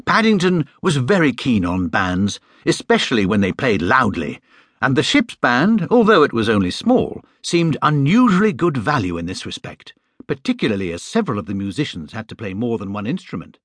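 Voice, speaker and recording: Brief: expressive storybook reader, male, lively pitch, dry studio sound. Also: normal speed, slightly rough, no room sound. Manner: expressive, gently humorous. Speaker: audiobook narrator. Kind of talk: scripted storybook narration. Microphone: studio microphone.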